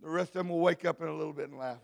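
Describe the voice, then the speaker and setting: A man preaching a sermon in a church, rising to shouted, drawn-out climaxes between joking asides. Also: a little high, creaky. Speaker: pastor. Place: church hall. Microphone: handheld mic.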